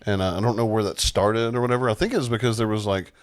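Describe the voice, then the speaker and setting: A man co-hosting a podcast, relaxed and easygoing in casual chat, often chiming in to agree. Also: lowish voice, fast, no echo. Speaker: podcast co-host.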